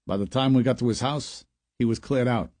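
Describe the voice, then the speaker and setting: A man's voice: mid-range voice, fairly quick, darkish tone, no echo, natural voice. A man voicing a casual, chatty male FBI agent with a Boston accent in an audiobook.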